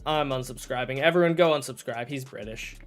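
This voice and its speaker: Over soft background music, this gaming streamer chats away loosely, stumbling into self-corrections and playful fake indignation. He talks fairly quickly in a mid-range voice.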